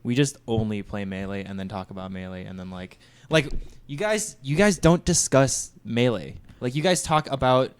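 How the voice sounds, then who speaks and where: Young guy on a podcast, chatty storyteller, lots of "like", normal pitch. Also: moderate pace, clear, resonant tone. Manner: storytelling with lots of fillers and acted-out quotes. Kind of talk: casual chat.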